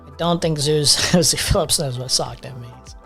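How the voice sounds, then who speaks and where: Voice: mid-range voice, normal speed, gravelly, a bit bright, soft background music. A live commentary streamer ranting in an exasperated, profane way, often repeating words while reacting to a debate clip.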